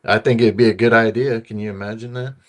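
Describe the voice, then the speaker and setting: A man on a video-call livestream, chatting in a relaxed, joking, teasing way. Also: fairly low pitch, fast, background noise. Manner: joking, teasing, laid-back. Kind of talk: casual livestream chat.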